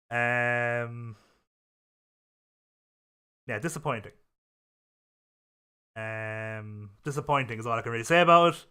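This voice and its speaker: A man's voice: medium pitch, slow, pauses often, pushed and bright, clean tone. A young man hosting a casual chat show, talking in a profane, rambling way full of fillers and restarts. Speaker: podcast host.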